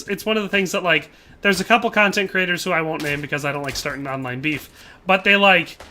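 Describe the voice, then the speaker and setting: Male game streamer, high bright voice, rambling casual chat with viewers, desktop mic. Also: slight background noise. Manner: rambling, animated, laughs often, trails off and restarts. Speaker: gaming livestream host.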